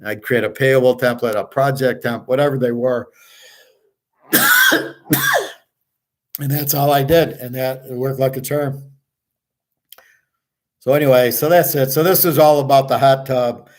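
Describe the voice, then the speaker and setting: A middle-aged man rambles through a casual monologue as a sports handicapper. He is blunt and boastful and swears freely. His voice sits at an ordinary middle pitch. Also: fairly even intonation, measured pace, long pauses. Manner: blunt, profane, boastful rant.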